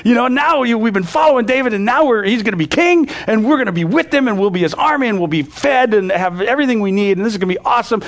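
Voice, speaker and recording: A man teaching a sermon in a loose, conversational way, full of "you know" and restarts, growing animated as he retells a story. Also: high voice, fast talker, few pauses. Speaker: pastor.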